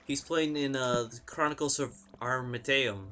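A man's voice: medium pitch, fairly even intonation, normal speed, pushed and bright, a little hiss or hum. A young man talking casually over a game he plays, chanting repeated words under his breath. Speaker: gamer. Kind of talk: game commentary. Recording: music in background.

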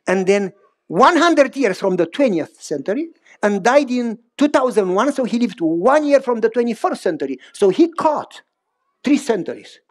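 Animated storytelling male pastor. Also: normal speed. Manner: animated, pitch swings up for emphasis, repeats phrases. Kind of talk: sermon with personal storytelling.

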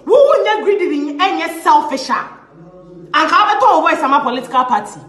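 A woman with a high, very animated, slightly bright voice speaks at a measured pace in a reverberant space. An activist campaigner with a Ghanaian English accent, she rants passionately and confrontationally in a social media video, mixing in Twi phrases.

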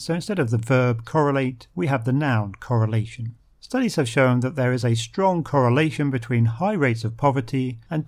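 A man gives a vocabulary lesson. His voice sits at a middle pitch. He explains each term clearly and methodically, with the occasional dry joke. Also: a little mellow. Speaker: English vocabulary teacher.

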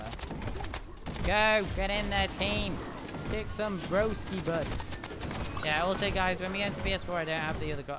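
A man doing live gameplay commentary as a streamer, excitable and chatting with viewers while cheering at the screen. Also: fairly high pitch, heavy background noise. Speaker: game streamer.

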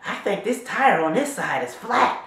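A man's voice: high voice, big pitch swings, moderate pace, fairly bright tone, voice pushed up. A nagging, told-you-so mom talks in a raised, singsong voice, as a man puts her on. She sounds a little off-mic, and the room has some echo. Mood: fussing.

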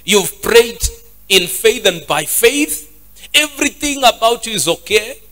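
A man's voice: sits high, bright, forceful tone. A man preaching a sermon as pastor, repeating phrases and lifting into a sung preaching cadence.

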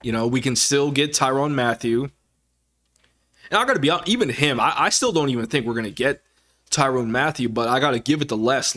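A man's voice: mid-range voice, a bit bright. A man talking casually about his football team in a vlog, rambling with many fillers and restarts. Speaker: sports fan vlogger. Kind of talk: casual sports commentary vlog.

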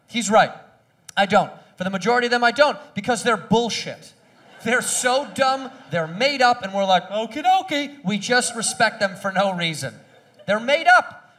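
Stand-up comic guy, high bright voice, animated, acts out voices and yells punchlines. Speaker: stand-up comedian. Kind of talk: stand-up set. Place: comedy stage with audience.

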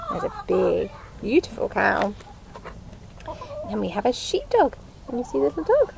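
Animated English teacher reading a picture book. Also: female voice, mid-range voice, moderate pace, gravelly, pauses often. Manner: sing-song, animated storytelling. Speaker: nursery teacher. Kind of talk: reading a picture book aloud to young children. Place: outdoors in a garden. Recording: faint outdoor noise with chickens.

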